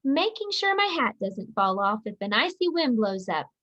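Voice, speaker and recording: A woman voicing a small storybook hedgehog, speaking earnestly and raised in pitch. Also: very animated, normal speed, fairly bright tone. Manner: earnest, pleading. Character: small hedgehog, embarrassed then indignant, storybook. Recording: dull lo-fi audio.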